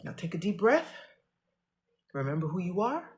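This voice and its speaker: A middle-aged woman speaks straight to her camera, coaching herself in a personal pep-talk vlog. Her voice is emotional and earnest. She rises to loud, firm declarations and then drops to hushed, near-whispered lines. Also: fairly low pitch, very animated, moderate pace. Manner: talks to herself, earnest and self-encouraging. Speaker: vlogger.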